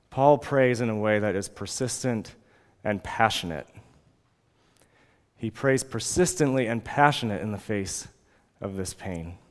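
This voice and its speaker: A man in his forties preaching a sermon as pastor, earnest and lively, now and then acting out pleading prayers. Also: mid-range voice, in a large hall.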